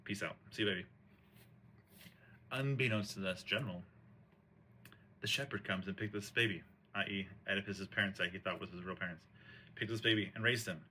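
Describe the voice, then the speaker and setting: A man's voice: lowish voice, brisk, pushed and bright, a little hiss or hum. A man retelling an old tragedy in a casual, rambling way, full of slang, fillers and restarts. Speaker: host retelling a play. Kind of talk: casual storytelling chat.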